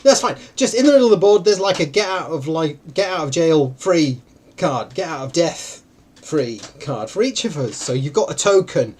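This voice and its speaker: A man's voice: moderate pace, husky. A man co-hosting a livestream, explaining a board game in a playful, jokey way. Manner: chatty, jokey, lively pitch swings. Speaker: co-host running a game.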